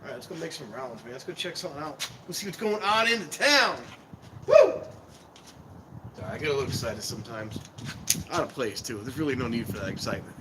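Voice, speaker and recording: A man's voice: medium pitch, very fast, background noise. A man in a casual live-stream chat, rambling to his viewers as he wanders around outdoors near a train station. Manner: rambling, talks to viewers while walking about. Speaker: vlogger.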